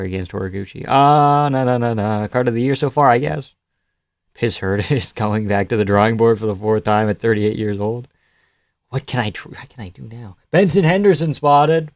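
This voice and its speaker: A man's voice: lowish voice, dry recording, clean studio sound. A young man hosting a casual live stream, laughing often and swearing easily as he reacts to the chat.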